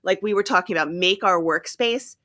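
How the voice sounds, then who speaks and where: Chatty, bright-voiced woman host. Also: mid-range voice, a little fast. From Tennessee. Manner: lively, chatty, laughs often. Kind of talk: casual chat.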